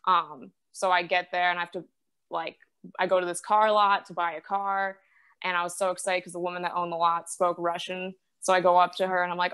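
A young woman from upstate New York doing a stand-up set, telling stories and jumping into a louder, higher voice to act out her mother. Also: level tone, a little fast, clear, resonant tone. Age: 20s. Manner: mimics her mother in a loud, higher, exaggerated voice. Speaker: stand-up comic.

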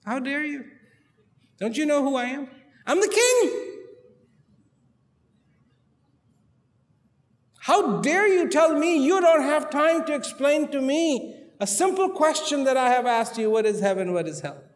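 A man's voice: very high voice, lively intonation, normal speed, pitched above the performer's own voice. A man voicing a proud, furious king who demands answers and later pours out thanks. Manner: indignant shouting, then tearful gratitude. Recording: long hall reverb.

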